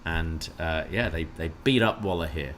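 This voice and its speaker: A man's voice: very deep voice, moderate pace, a bit bright. A man from Britain whose accent has drifted toward Canadian, co-hosting a casual podcast and recapping the events in a dry, understated way. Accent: mixed British and Canadian. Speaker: co-host.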